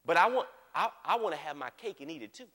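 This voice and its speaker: A male preacher with a high, bright voice delivers a lively sermon. He keeps asking his listeners if they follow, dropping to hushed asides and rising to shouts. His words ring out with a long hall reverb. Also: quick pace. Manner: animated, repeatedly checks in with the audience.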